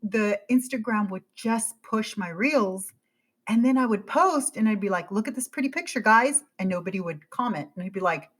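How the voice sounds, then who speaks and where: A woman in her forties, a podcast guest, telling her story in a casual, animated way and acting out her own thoughts. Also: mid-range voice, normal speed. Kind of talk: casual interview chat.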